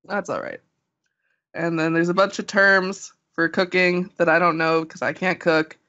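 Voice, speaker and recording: A woman's voice: lowish voice, level tone, a little slow, bright, forceful tone, muffled recording. Offhand woman recapping a comic. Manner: offhand, self-mocking. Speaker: podcast guest. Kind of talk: casual chat, recapping a comic.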